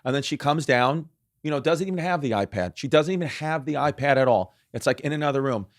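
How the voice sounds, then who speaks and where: A man's voice: fairly high pitch, expressive, fast talker, no echo, studio quality. Man, thirties, comedy podcast host, rambling storyteller, restarts a lot. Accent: New York. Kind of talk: casual chat.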